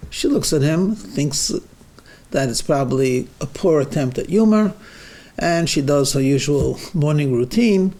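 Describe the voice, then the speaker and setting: A man, a rabbi, telling a joke slowly and deliberately in a weekly lecture, acting out the dialogue. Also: on the high side, animated, darkish tone.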